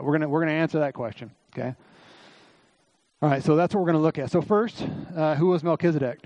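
A middle-aged man delivers a sermon in a loose, conversational style, full of asides and fillers. His voice sits somewhat high for a man and sounds slightly hoarse. The sound is dry and close, with little room echo. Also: brisk, a little mellow, muffled recording. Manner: conversational, folksy preaching with frequent fillers and asides. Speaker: pastor.

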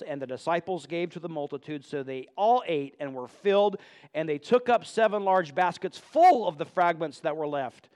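A man's voice: fairly high pitch, darkish tone. A man reading scripture aloud and explaining it in a Bible teaching, often stumbling and repeating words when he speaks off the cuff.

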